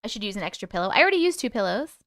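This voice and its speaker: A woman hosting a live stream, reading viewer comments aloud and greeting people in a bubbly, chatty way with a high, squeaky voice. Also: very animated, racing, a bit bright, no echo, clean studio sound. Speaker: host reading live chat. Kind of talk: casual live-stream chat.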